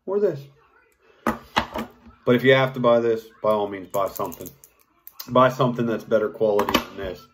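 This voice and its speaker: Heated, swearing man ranting to camera. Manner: heated, swearing, gets louder and higher when worked up; rambling with restarts. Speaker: knife hobbyist vlogger. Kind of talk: unscripted ranting vlog.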